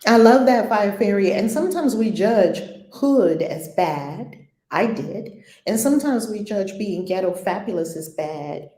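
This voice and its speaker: A woman's voice: medium pitch, expressive, measured pace, mellow, echoey room. Laughing, frank woman spiritual host. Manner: frank, laughing, slangy and emphatic. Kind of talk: casual spiritual discussion.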